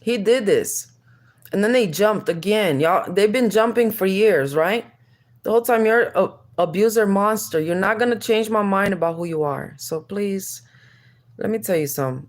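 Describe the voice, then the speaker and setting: Angry low-voiced woman ranting at her ex. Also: normal speed. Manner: heated, accusatory, profane, rambling. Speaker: mother addressing her ex on camera. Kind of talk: angry confessional rant.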